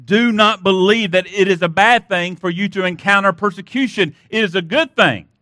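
A man's voice: high voice, moderate pace, bright, forceful tone, dry recording, studio quality. A man preaching a sermon as pastor, emphatic, asking rhetorical questions and repeatedly urging listeners to listen.

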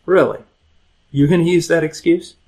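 A man's voice: fairly high pitch, normal speed, darkish tone, husky, low-quality recording. A man teaching a conversational Bible lesson to young people, earnest and emphatic, often repeating words, chuckling, and asking his listeners direct questions.

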